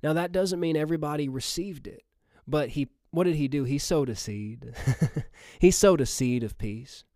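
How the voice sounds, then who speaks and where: A man's voice: a little high, moderate pace, mellow, no echo, clean studio sound. A man preaching a sermon emphatically, repeating phrases and calling out to his listeners.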